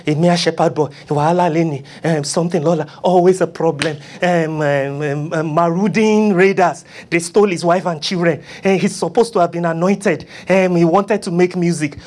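A preacher delivering a sermon, pleading and acting out prayers, swinging from loud cries to hushed murmurs. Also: steady tone, moderate pace, hardly any pauses. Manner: acts out begging prayers in a low, soft voice.

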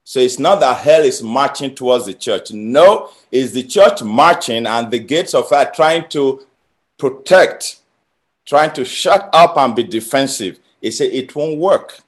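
A man preaching a sermon, emphatic, building phrases through repetition and swinging between loud and quiet. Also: medium pitch, expressive, a little slow. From Nigeria. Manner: emphatic, with rising and falling intensity and repeated phrases.

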